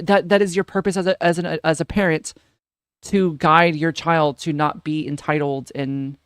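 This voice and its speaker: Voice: medium pitch, no room sound, clean studio sound. A streamer in casual reaction commentary, reading posts aloud and ranting about them in a profane, incredulous way with lots of repeated phrases.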